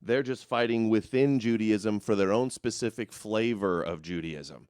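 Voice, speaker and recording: A man's voice: fairly low pitch, measured pace, a little mellow, smooth, no echo. A man hosting a talk show, speaking bluntly and emphatically in casual conversation. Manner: blunt and emphatic, stacks up labels. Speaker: podcast host.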